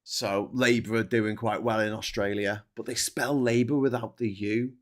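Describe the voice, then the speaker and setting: A man's voice: on the low side, steady tone, normal speed. A man hosting a casual chat show, chatty, swearing freely and laughing often. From England. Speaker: host.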